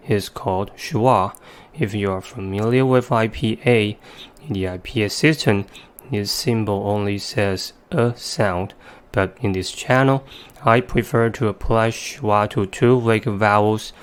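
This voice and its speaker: Low, smooth-voiced male teacher. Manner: careful, methodical explaining with slow demonstrative word examples. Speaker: English vocabulary teacher. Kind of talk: scripted instructional narration.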